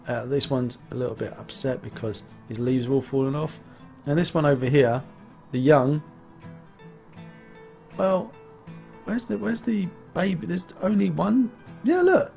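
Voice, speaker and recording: Playful, chatty man, slightly high voice. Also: darkish tone. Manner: chatty and playful, jokingly greets the models as little fellas. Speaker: game developer and asset reviewer. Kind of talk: casual software review over screen capture.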